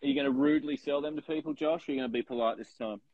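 A man's voice: mid-range voice, racing, highs cut off, background noise. A man co-hosting a casual podcast chat, joking crudely with lots of swearing and mock outrage. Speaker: podcast co-host.

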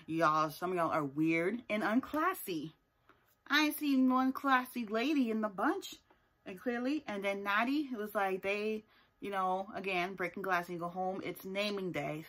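A woman with a lowish, slightly bright voice speaks at a normal pace as a TV show reviewer. Sassy and emphatic, she casually recaps a reality TV episode, using pointed asides and frequently adding "okay?" to her points.

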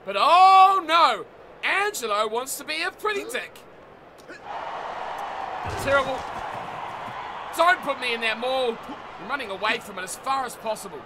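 A man with a New Zealand accent commentating his own rugby video game, yelling mock insults at the players and then muttering to himself. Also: very high voice, slight background noise. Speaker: gaming YouTuber.

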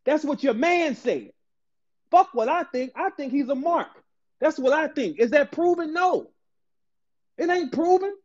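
St guy going off, high voice, cussing nonstop, muffled lo-fi stream sound. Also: expressive. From St. Louis, Missouri. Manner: loud, aggressive, profane, rapid repetition. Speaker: battle rapper ranting on a stream. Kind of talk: heated profane rant.

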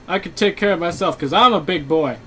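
Joking, swearing young gamer with raised voice. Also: male voice, fairly high pitch, brisk, crowd noise. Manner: joking, playacting, swears a lot. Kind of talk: casual let's play commentary.

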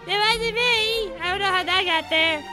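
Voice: very high-pitched, normal speed, loud music behind the voice. A voice actor playing a feisty little chicken who picks fights and plays innocent.

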